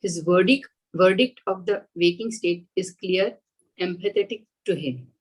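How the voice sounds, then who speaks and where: A woman student reading a passage aloud in class, steady and careful with small slips. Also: lowish voice, measured pace, husky, low-quality recording.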